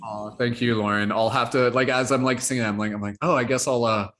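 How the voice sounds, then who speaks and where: A man's voice: mid-range voice, fairly even intonation, a little fast, a bit bright. A man hosting a workshop on a video call, chatting casually and rambling with many filler words. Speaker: workshop host. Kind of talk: casual chat with a group.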